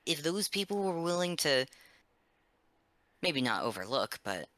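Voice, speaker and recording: A man's voice: a little high, big pitch swings, unhurried, pushed and bright, dry recording. A man voicing his character in a tabletop role-play, rambling and earnest with frequent restarts. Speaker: player.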